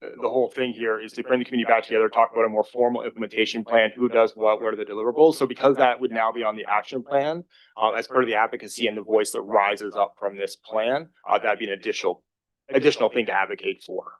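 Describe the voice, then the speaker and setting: Staff guy answering council, talks fast, low voice, careful explaining, dry mic. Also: fairly even intonation, no room sound, low-quality recording. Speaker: city staff member. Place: council chamber.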